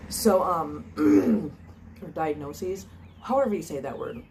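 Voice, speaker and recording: A woman's voice: lowish voice, very animated, slow pace, vocal fry, darkish tone, slight background noise. A woman vlogging casually to her viewers on a phone camera. She talks in an earnest, chatty way, with many ums and restarts. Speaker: cat channel vlogger. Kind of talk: casual vlog talk to viewers.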